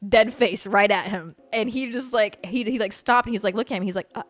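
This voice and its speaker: A woman from Georgia hosts her podcast, recounting a story in a loose, casual monologue. Her voice sits at a middle pitch, and she swears bluntly as she talks. Faint music plays underneath. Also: brisk. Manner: blunt, profane, animated storytelling. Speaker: podcast host.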